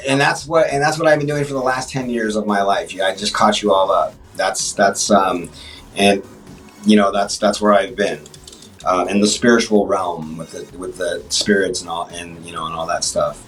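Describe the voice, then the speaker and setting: A man talking as a guest on a livestream chat show, speaking haltingly with many restarts and fillers. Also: low voice, a bit bright, recorded from a distance, soft background music, rough recording. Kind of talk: casual interview chat.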